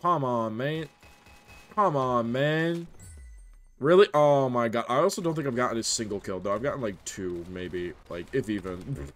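A young man chatting through a live game stream, joking loosely and reacting to his chat. His mid-range voice swoops up and down a lot as he goes, casual and animated. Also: medium pitch, normal speed. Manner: animated, jokey, reads chat aloud, often laughs.

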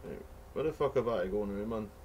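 A man's voice: on the low side, brisk, darkish tone, highs cut off. Glaswegian guy ranting and swearing over a game, faint hiss behind. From Scotland. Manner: sweary, rambling, mock-outraged. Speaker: gamer. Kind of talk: let's play commentary.

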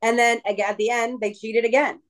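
A middle-aged woman being interviewed about returning to wrestling, talking emotionally with frequent restarts and pauses. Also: a little high, little pitch movement, rough recording. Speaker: guest wrestler. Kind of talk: casual interview chat.

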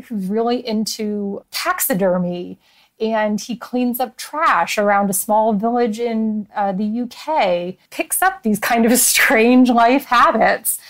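Giggly, animated woman guest. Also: mid-range voice. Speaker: podcast guest. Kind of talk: casual chat.

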